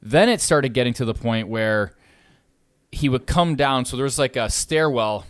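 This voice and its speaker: A man talking casually on a podcast, spinning an animated story about a bad tenant. His voice sits in a middle range and he swears freely, building up steam as he goes. The sound is dry and close, with no room around it. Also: medium pitch, measured pace, smooth, no echo. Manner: animated storytelling, swears freely, gets louder when riled. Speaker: podcast host, landlord.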